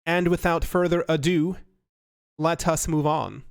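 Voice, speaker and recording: A man's voice: fairly high pitch, steady tone, a little slow, creaky, clear, resonant tone. A man hosting a casual crypto news commentary, rambling and restarting his sentences often. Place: home recording setup. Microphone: studio mic.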